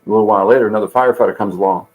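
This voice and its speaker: Heard over phone-quality sound, this middle-aged guest speaks rapid-fire in a lowish, steady voice. He's a peer support coordinator, and in this conversational interview he earnestly tells stories, acting out the people in them.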